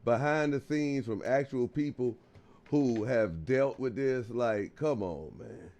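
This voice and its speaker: A man's voice: medium pitch, takes it slowly, a little mellow. A man hosting a call-in show, talking bluntly and casually with plenty of swearing. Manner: blunt, profane banter. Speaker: host.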